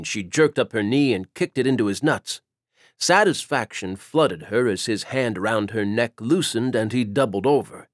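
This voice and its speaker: With a mid-range voice, this male audiobook narrator delivers scripted narration evenly and steadily. The studio sound is clean, without any room sound.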